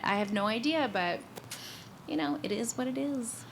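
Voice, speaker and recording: A woman's voice: fairly high pitch, expressive, normal speed, vocal fry, slight background noise. Chatty, enthusiastic middle-aged woman. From Georgia, US. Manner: chatty, enthusiastic, self-deprecating. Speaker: guest actor on a convention panel. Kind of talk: casual panel chat.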